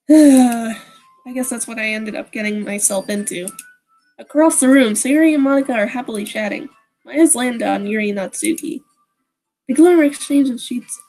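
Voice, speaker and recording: A woman's voice: a little high, darkish tone, rough recording. Sheepish teenage boy lead, dry delivery, played by a woman. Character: awkward teenage boy protagonist.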